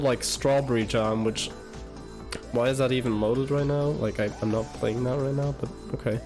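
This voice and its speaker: A young man in his twenties chatting casually on a live stream, halting and rambling with stammered restarts. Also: mid-range voice, fairly even intonation, darkish tone, faint music behind.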